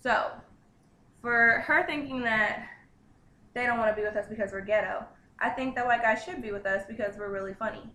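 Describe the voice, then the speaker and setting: A young woman with a crisp, bright voice banters casually in a comedic vlog. She chimes in with quick, sassy asides. The room gives her voice a noticeable echo. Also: on the high side. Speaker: co-host. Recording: echoey room.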